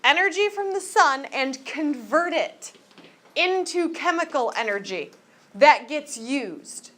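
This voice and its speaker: A woman lectures her high school class in a classroom, with a fairly high voice that swoops up and down. She teases the students and keeps asking them questions. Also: lively intonation, slow, fairly bright tone. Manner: joking, teasing, asks the class questions. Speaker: high school biology teacher.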